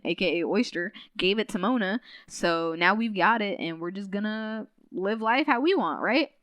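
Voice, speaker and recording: A woman podcast host casually recapping a novel's plot in a chatty, animated way, full of "like" and acted-out quotes. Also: clear, resonant tone, dry recording. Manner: chatty, filler-heavy retelling with lots of "like"; animated, quotes characters with shifting pitch.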